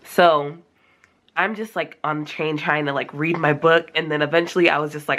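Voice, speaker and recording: A young woman telling a casual storytime, acting out her own reactions in a high, animated voice. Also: moderate pace. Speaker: vlogger.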